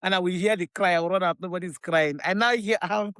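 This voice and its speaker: A woman with a Nigerian accent, a podcast guest, telling her story in an animated, emphatic way and often repeating phrases. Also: lowish voice, quick pace, no echo. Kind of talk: casual chat.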